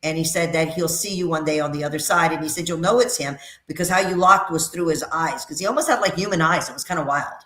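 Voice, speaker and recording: A woman's voice: sits low, fast, few pauses, a bit bright, echoey room. A middle-aged woman working as a psychic medium on a call-in radio show, talking in a chatty, emphatic way and repeating her phrases. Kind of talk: casual radio call-in readings.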